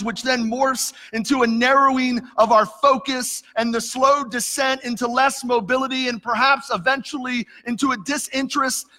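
A man's voice: very high-pitched, sharp tone. A middle-aged man preaching a sermon, telling a personal story earnestly and addressing the congregation as "church". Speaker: pastor. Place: church sanctuary. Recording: long reverb of a church hall.

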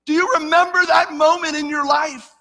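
A man's voice: extremely high pitch, level tone, normal speed, sharp tone. A middle-aged man preaching a sermon, telling a personal story earnestly and addressing the congregation as "church". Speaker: pastor. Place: church sanctuary. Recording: long reverb of a church hall.

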